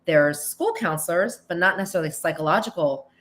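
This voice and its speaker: Woman, middle-aged, from the US, podcast host, casual Q&A, slightly low voice, chatty. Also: lively intonation, a little fast, a bit bright. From United States. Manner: chatty, restarts often and acts out quotes. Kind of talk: casual Q&A monologue.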